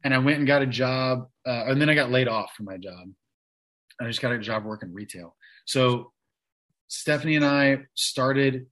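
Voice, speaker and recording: A man's voice: mid-range voice, a bit bright, low-quality recording. A man in his thirties, a guest in an interview, telling his story casually with lots of restarts and "like" fillers. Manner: chatty, many restarts and "like" fillers.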